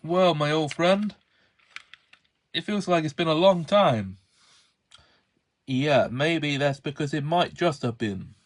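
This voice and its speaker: A man's voice: fairly high pitch, takes it slowly, long pauses. A man voicing characters in a fan model-train series, trading casual banter with rambling, self-aware asides.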